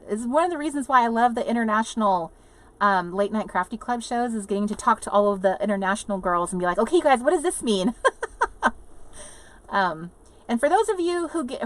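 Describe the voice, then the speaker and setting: Chatty woman livestreaming from an RV. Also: on the high side. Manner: chatty, rambling, laughs often, reads viewer comments aloud. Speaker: livestream host. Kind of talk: casual live chat with viewers. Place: inside an RV.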